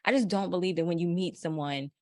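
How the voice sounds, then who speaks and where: A woman from the United States talks in a blunt, slangy way and laughs often as a podcast guest. Her voice sits fairly low. The sound is close and dry, with no room around it. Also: fast talker, a little mellow, dry recording. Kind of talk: casual chat.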